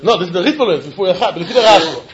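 High, lively man giving an animated Talmud lecture. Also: rapid-fire. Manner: sing-song, mixing English, Yiddish and Hebrew; laughs often, rhetorical questions. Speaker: Talmud teacher. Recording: dull lo-fi recording.

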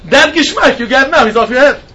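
High, bright-voiced man teaching Talmud. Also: brisk. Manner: asks and answers his own questions, repeats points. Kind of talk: lecture on Talmudic texts. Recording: dull lo-fi recording.

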